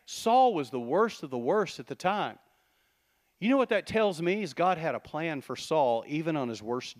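A middle-aged man giving a sermon as pastor, talking conversationally with quick asides and rhetorical questions. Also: a little high.

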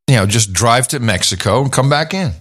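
A man's voice: medium pitch, expressive, a bit bright. A man co-hosting a podcast, chatting casually and joking as he reads out listener donation notes. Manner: joking, laughs often, quick asides. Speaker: podcast co-host.

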